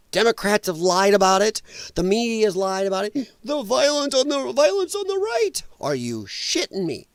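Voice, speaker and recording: A man's voice: very high-pitched, animated, moderate pace, no echo. A man hosting a podcast, delivering a heated, profane political rant in an emphatic, exasperated way. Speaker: podcast host.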